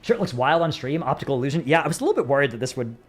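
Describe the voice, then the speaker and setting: A man's voice: mid-range voice, animated, very fast, soft background music. A man from the United States, chatting casually on a live stream, rambling and joking at his own expense. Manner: rambling, self-mocking, joking. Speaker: streamer answering chat.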